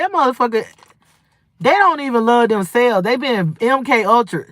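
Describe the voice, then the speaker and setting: A woman's voice: sits high, expressive, moderate pace, dry recording. A woman, hosting a livestream and talking in a blunt, rambling, profane and preachy casual monologue. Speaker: livestream host. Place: home livestream.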